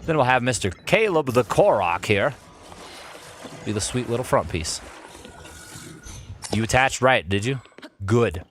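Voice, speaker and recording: A man's voice: medium pitch, a little slow, long pauses, a little hiss or hum. A young adult man streaming a game, chatting playfully with viewers and joking as he plays. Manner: playful, animated, jokes with chat. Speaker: let's play streamer. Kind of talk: live-streamed gameplay commentary.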